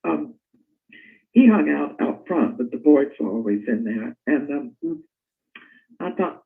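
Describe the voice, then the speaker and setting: An older woman telling stories in a casual interview, animated and laughing as she recalls. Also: very deep voice, takes it slowly, gravelly. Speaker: interview guest. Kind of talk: casual storytelling. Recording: tinny phone-like line.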